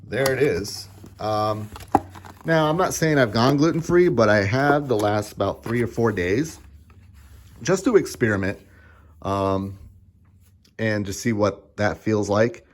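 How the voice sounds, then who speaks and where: A man's voice: lowish voice, measured pace. A man in his thirties giving a casual, sarcastic and profane food review, laughing often as he rants. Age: 30s.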